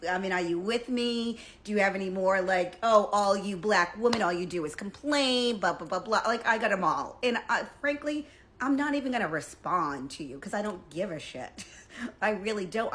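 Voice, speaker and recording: A woman's voice: mid-range voice, fairly bright tone, a little hiss or hum. A middle-aged woman talking casually to her followers in a blunt, profane, emphatic rant. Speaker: social media commentator.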